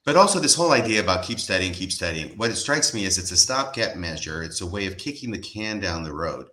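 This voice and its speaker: A low-pitched man hosts a relaxed podcast chat. His voice sounds forceful and bright, and it rings in a roomy space. He talks with a dry, joking edge. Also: fast. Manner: wry, joking asides. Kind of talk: casual podcast discussion.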